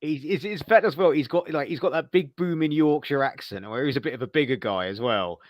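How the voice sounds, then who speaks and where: A man co-hosting a live football watchalong, chatting casually and telling animated stories. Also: on the high side, fairly quick, no echo. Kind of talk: casual football chat and commentary.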